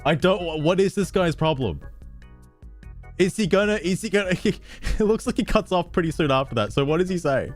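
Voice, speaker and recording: A male streamer talks back at a video he is watching, sarcastic and quick to swear. His pitch swings widely between a low grumble and high, mocking questions. Faint music plays under his voice. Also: expressive. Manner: sarcastic, swears often, laughs a lot. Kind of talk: profane live-stream reaction commentary.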